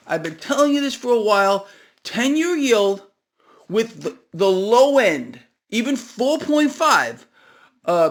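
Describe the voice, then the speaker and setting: Man, market commentary host, casual, sarcastic, lively ups and downs, fairly high voice. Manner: animated, sarcastic, talks straight to viewers.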